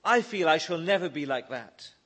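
A man's voice: a little high, lively intonation, normal speed, a bit bright. A man preaching a sermon, reading scripture verses aloud and pressing his listeners with earnest questions. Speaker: pastor.

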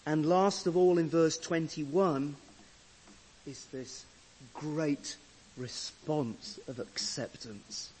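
A man preaching a sermon with measured, deliberate pauses, who swells to emphatic loudness when he reads scripture. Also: fairly high pitch, steady tone, a little hiss or hum, rough recording. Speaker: pastor.

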